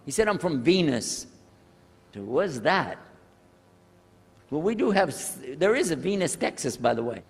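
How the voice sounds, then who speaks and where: An older man telling a personal story to an audience, animated and acting out the people in it. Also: a little high, normal speed, vocal fry, long pauses, husky. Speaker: speaker telling his conversion story. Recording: echoey hall.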